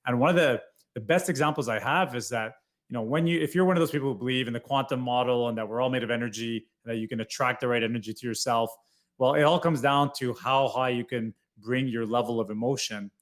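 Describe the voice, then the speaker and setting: A man's voice: medium pitch, quick pace. A man in his forties, a podcast guest talking in an earnest, emphatic, reflective way. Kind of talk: podcast conversation.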